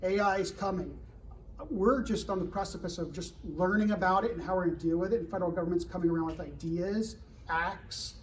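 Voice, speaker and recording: A middle-aged government security director with a high-pitched voice gives a fireside chat to a live audience of students, speaking a little fast. He's animated, keeps posing rhetorical questions to the room and often says "right?" The mic is a bit distant, with a faint hum of room ambience behind him.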